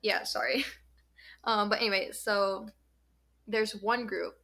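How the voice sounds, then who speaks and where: A woman's voice: medium pitch, slow pace, vocal fry, bright, forceful tone. A young woman co-hosting a podcast, explaining a study in a chatty way with lots of fillers. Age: young adult. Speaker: podcast co-host. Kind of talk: casual podcast chat.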